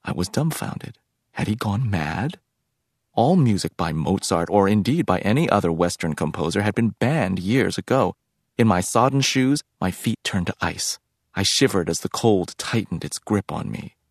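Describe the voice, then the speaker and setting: Deep-voiced male audiobook narrator. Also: expressive, dry recording, studio quality. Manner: measured, reflective storytelling.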